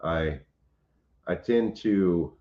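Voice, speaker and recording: A very deep-voiced man chats casually on a home livestream, pausing and restarting as he greets viewers. The sound is roomy and slightly dull. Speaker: homestead channel host.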